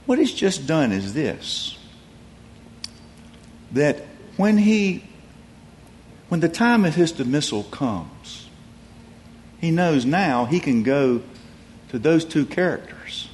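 A man's voice: on the high side, sing-song, takes it slowly, long pauses, a little mellow, slight background noise. A man preaching a sermon in a conversational, storytelling way, with frequent restarts.

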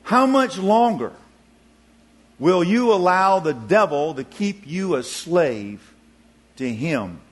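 A man preaching a sermon, telling a story in a folksy, expressive way. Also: a little high, slow pace.

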